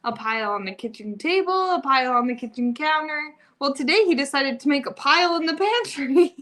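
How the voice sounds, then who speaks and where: A woman's voice: sits high, expressive, brisk, a bit bright. Chatty woman telling family stories. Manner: chatty storyteller, laughs often. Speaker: family vlogger, mother. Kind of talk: casual live chat with viewers.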